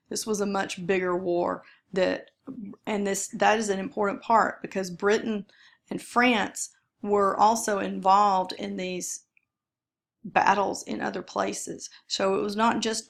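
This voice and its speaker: A woman's voice: medium pitch, gravelly. A woman teaching a history lesson in a casual, conversational way, with frequent fillers and self-corrections. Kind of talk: casual classroom lecture.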